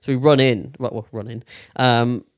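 A man's voice: mid-range voice, fairly even intonation, moderate pace, no echo, studio quality. A young man casually telling a long story on a podcast, with lots of swearing and fillers. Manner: swears a lot, rambling with many fillers. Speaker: podcast co-host.

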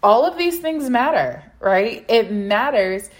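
A woman's voice: a little high, expressive, slow pace. A woman hosting a solo business podcast, giving advice in an emphatic way, repeating phrases for stress and asking rhetorical questions. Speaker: podcast host, practice consultant.

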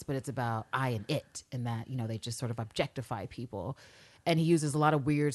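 A woman co-hosting a podcast, chatting casually about a TV episode, animated and profane, acting out the characters' lines as she goes. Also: rumbling low. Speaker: podcast co-host. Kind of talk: casual TV recap chat.

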